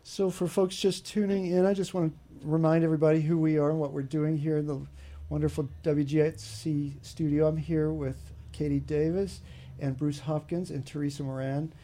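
A man hosting a radio talk show from a studio, introducing guests in a friendly, halting way. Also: on the high side, flat delivery, warm tone. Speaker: radio host. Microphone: studio mic.

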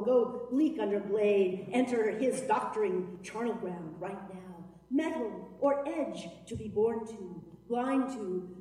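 A woman performs spoken-word poetry in an incantatory, chanting way, at times sliding into half-song. Her voice sits fairly high. It rings through a big, echoing hall with a long reverb tail. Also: darkish tone, far from the mic. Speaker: performance poet.

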